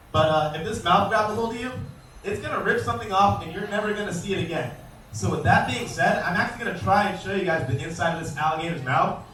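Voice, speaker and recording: In an outdoor show arena, a high-voiced man presents a live comedic alligator demonstration, joking with the crowd, quizzing them, and calling out loudly. The recording is echoey and distant, with faint background noise.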